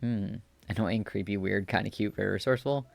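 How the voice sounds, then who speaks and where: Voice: low voice, brisk, creaky, no room sound, pitched below the performer's own voice. A streamer reading the lines of a dry, teasing player character in their own voice. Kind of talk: reading game dialogue aloud on stream.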